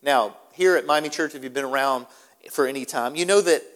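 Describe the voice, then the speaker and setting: A man's voice: mid-range voice, brisk, big-room sound. A male pastor preaching a sermon in an emphatic style, often repeating his words for stress. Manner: animated, repetitive, emphatic.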